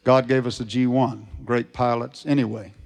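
Gravelly preacher man. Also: mid-range voice, level tone, normal speed. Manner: folksy, rising to shouted fervor at climaxes. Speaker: evangelist preacher. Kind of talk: revival sermon with storytelling.

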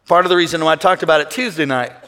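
A man preaching a sermon as pastor, swinging between quiet passages and shouted calls for praise. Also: fairly high pitch, very fast. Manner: preaching with shouted call-and-response bursts and acted quotes. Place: church sanctuary. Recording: reverberant hall with congregation.

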